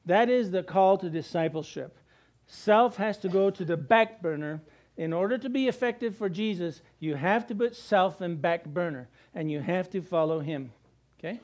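A middle-aged man preaching a sermon, animated, with jokey asides and acted-out quotes. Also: fairly high pitch. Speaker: pastor.

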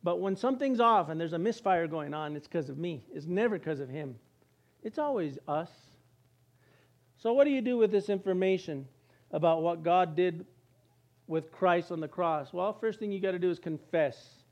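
High-voiced man preaching a lively sermon. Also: normal speed, lo-fi sound. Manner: lively, joking asides, acts out quoted voices. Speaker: pastor. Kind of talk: conversational sermon.

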